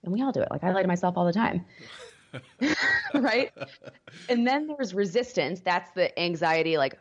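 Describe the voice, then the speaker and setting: A woman career coach who is a guest on a podcast, talking in an animated way, laughing often and acting out what people say. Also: on the low side, moderate pace, long pauses, muffled recording. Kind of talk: casual podcast interview.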